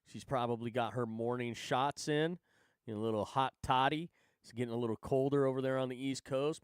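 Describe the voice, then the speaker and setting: A man's voice: mid-range voice, no room sound, clean studio sound. A man hosting a live stream, reacting to posts with blunt, profane, sarcastic commentary. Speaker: livestream host. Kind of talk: ranting casual commentary.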